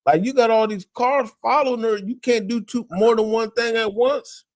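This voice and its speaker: A man's voice: very high voice, moderate pace, no echo, clean studio sound. A man co-hosting a podcast, talking casually over a video clip and acting out what people say. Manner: animated, acts out quotes in voices. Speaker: podcast co-host.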